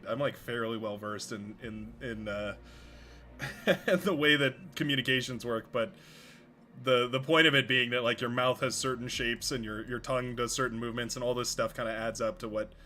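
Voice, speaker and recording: A man's voice: medium pitch, bright, forceful tone, slight background noise. A young man hosting a game livestream, rambling casually with frequent laughs and restarts. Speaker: stream host and game caster.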